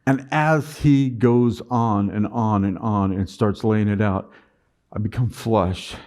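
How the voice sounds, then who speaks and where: A man's voice: lowish voice, slow. Man telling a business story on stage. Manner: animated storyteller acting out his own past self. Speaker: conference speaker. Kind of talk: personal business story told to an audience.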